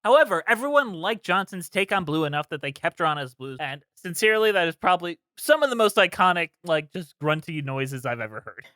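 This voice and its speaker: Bright-voiced man co-hosting a podcast. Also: sits high, a little fast, hardly any pauses, no room sound. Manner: relaxed, rambling, reads out trivia facts. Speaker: podcast co-host. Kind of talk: casual podcast chat.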